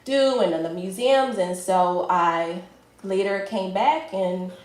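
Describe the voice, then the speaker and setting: A woman, a fashion entrepreneur, telling a personal story in a chatty, lively way with lots of filler words. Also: mid-range voice, slow pace, echoey room, low-quality recording. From United States.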